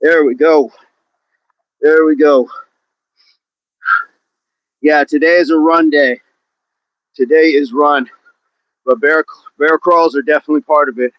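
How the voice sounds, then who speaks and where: A man's voice: fairly high pitch, steady tone, measured pace, pauses often, no room sound, dull audio. Upbeat man hosting an outdoor workout stream. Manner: upbeat, counts down reps, greets chat by name. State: exercising. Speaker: fitness livestream host. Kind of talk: live workout commentary to chat. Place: outdoors on a hill.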